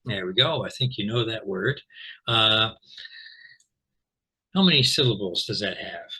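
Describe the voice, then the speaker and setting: A man's voice: fairly low pitch, animated, unhurried, bright, forceful tone, breathy edge, low-quality recording. A man teaching English pronunciation in an informal online lesson, rambling with lots of fillers and restarts and checking in with "okay?". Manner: explains patiently, checks in with "okay?".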